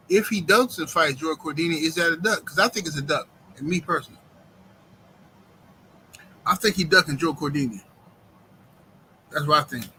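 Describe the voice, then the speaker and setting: A man hosts a live stream from home, and his voice sits high and very bright. He talks in an animated, joking, slangy way. Faint noise hums behind him. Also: low-quality recording. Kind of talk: casual live stream chat.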